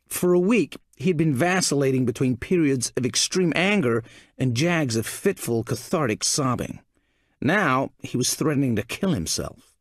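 In clean, dry studio audio, a medium-pitched male narrator works through a scripted audiobook. He tells the story at a measured pace, with plenty of expression.

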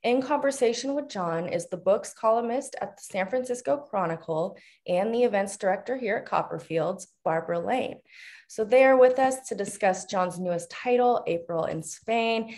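A woman introducing a bookstore author event, brisk and upbeat. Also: mid-range voice, a little mellow.

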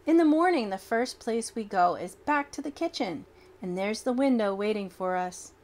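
A woman reading a children's picture book aloud in an expressive, childlike storytelling manner. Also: mid-range voice, moderate pace.

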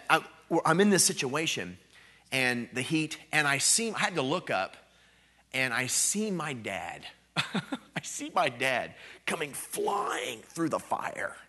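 Guy preaching a revival sermon, lively voice that jumps around, bright edge to it. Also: mid-range voice. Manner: animated storytelling, rising to loud emphatic peaks. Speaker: guest preacher.

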